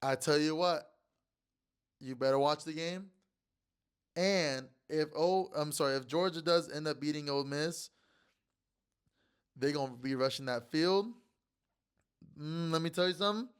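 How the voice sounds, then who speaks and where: A man runs a casual sports picks show, chatting loosely to his viewers. His voice is smooth and clear, pitched a touch high. He trash-talks with playful swagger and often repeats words in rapid strings.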